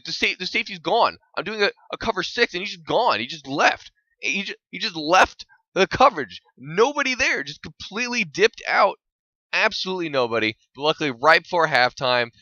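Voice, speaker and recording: A man's voice: on the high side, pushed and bright, no room sound, muffled recording. A man giving rambling, exasperated, self-mocking commentary over his own gameplay footage. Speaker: gaming channel host.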